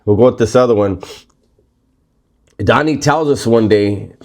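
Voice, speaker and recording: A man in the middle of a loose, casual story, his voice pitched right in the ordinary range for a man. He rambles, restarts and drops slang and curses as he goes. It sounds like easy storytelling between friends. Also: unhurried. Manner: relaxed, rambling, heavy slang and swearing. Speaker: storyteller recounting prison life.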